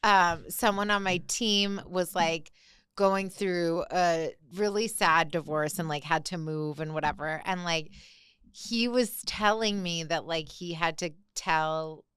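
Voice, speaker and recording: A woman's voice: lowish voice, slow pace, clean tone, dry recording, clean studio sound. A woman co-hosting a podcast, telling stories in casual chat and acting out other people's lines. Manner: animated storyteller who mimics voices, lots of "like". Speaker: podcast co-host.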